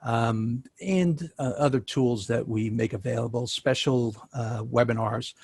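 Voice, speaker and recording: A man's voice: medium pitch, unhurried, creaky, darkish tone, slightly rough. A man with a New York accent answering interview questions as a sales tax consultant, talking conversationally with many fillers and restarts.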